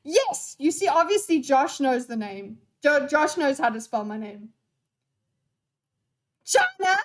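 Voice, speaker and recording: High-voiced, playful woman streamer. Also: expressive, moderate pace. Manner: scattered, swears freely, playful. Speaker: live streamer reading chat. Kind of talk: unscripted live-stream chat.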